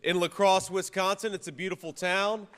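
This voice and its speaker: A man, a vice-presidential candidate, gives a political rally speech. He repeats punchy slogans, shouts the big lines, and often restarts his sentences. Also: sits high, fairly even intonation, normal speed, in a large hall, a little hiss or hum. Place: campaign rally venue.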